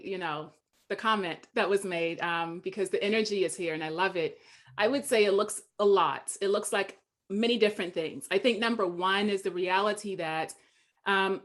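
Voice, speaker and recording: A woman from Charleston, South Carolina with a Southern accent speaks as the dean of a school of education. She is earnest and measured, with a mid-range voice. She sounds like she is on a video-call panel. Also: medium pitch. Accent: Southern American. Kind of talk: panel discussion.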